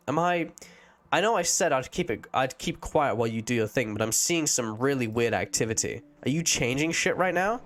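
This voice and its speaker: A male streamer chatting during a live broadcast. He is casual and excitable, his pitch sits in the middle, and he swears freely. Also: a little fast.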